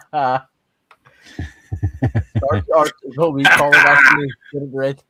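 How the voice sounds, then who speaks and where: A man's voice: on the high side, flat delivery, takes it slowly, very noisy. A man co-hosting a casual online stream, playful and teasing the others. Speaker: co-host. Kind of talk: casual live-stream chat.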